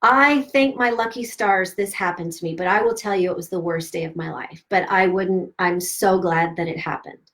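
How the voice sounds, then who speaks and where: A middle-aged woman hosting a live stream, candidly telling a painful personal story with emphatic, swearing, animated delivery and quoted dialogue. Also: lowish voice, moderate pace, hardly any pauses. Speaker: host of a self-help live stream.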